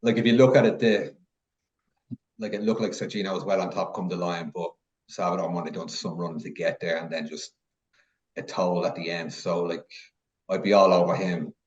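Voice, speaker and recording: A man weighing up horses in relaxed podcast chat. His voice is fairly low and comes through slightly dull and muffled. He hesitates often and fills the gaps with ums. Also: normal speed. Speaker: podcast panelist, French racing pundit. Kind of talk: casual betting chat.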